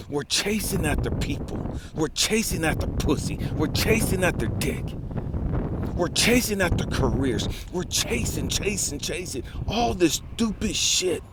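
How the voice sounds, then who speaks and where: A man coaching and ranting outdoors in the wind, telling a story in a blunt, profane, preachy way. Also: a little high. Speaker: life coach. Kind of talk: motivational rant.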